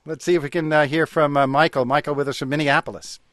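Bright-voiced radio host. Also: male voice, fairly high pitch, steady tone, fairly quick, no room sound, studio quality. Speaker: radio talk show host. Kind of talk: hosting a call-in radio show.

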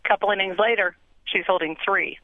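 A woman calling in to a radio show, telling a family story briskly. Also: mid-range voice, no echo. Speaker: caller. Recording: phone line.

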